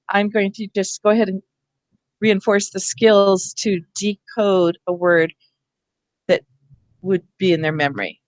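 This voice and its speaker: A woman coaches teachers through word study, guiding them patiently one step at a time. Her voice sits at a middle pitch and comes through a video call with a dry, close sound. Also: no room sound. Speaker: reading teacher trainer. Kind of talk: teacher workshop instruction.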